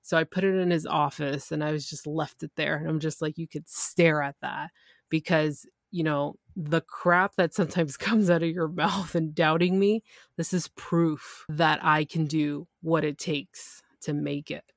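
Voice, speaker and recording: A woman podcast host telling a personal story in a casual, animated way, full of exclamations. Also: deep voice, moderate pace, no room sound, clean studio sound. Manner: animated, excitable retelling.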